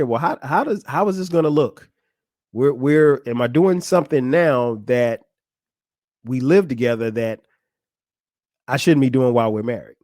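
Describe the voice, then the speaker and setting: A man's voice: mid-range voice, a little mellow, no echo, studio quality. Laid-back man giving marriage advice. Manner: conversational, laughing often, addressing a friend directly. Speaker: podcast host. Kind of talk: casual advice monologue.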